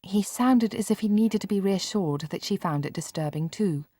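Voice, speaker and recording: A woman reading a children's novel aloud in measured storytelling narration. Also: mid-range voice, warm tone, no echo, clean studio sound. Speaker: audiobook narrator. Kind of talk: scripted narration.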